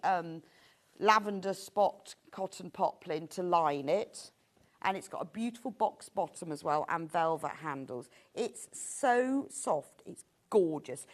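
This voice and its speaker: A chatty, enthusiastic woman in middle age, showing off craft kits on a live shopping broadcast. She talks at an easy mid pitch, gushing over each item as she goes. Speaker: shopping channel presenter. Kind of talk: live sales presentation.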